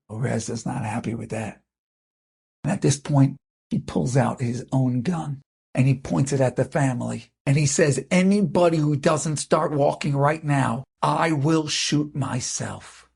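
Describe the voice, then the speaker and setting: Dramatic gravelly-voiced rabbi. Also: male voice, mid-range voice. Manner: dramatic, rising to impassioned shouts. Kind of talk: inspirational storytelling sermon.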